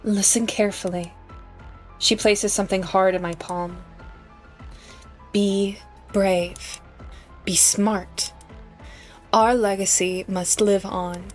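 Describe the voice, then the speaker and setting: A woman reading the lines of a gentle, protective mother in a story game. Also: mid-range voice, steady tone, slow, long pauses, faint music behind, natural voice. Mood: tender. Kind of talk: reading game dialogue aloud.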